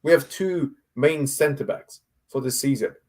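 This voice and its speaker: A man's voice: mid-range voice, measured pace, a little mellow. A man co-hosting a casual football debate over an online call, blunt and exasperated, firing off rhetorical questions and swearing. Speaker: football podcast co-host.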